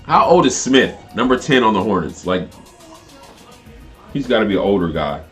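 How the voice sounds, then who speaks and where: A man with a somewhat low voice talking loosely through a live game stream. He reads out comments from viewers and reacts with animated disbelief. Faint music plays under him. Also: moderate pace.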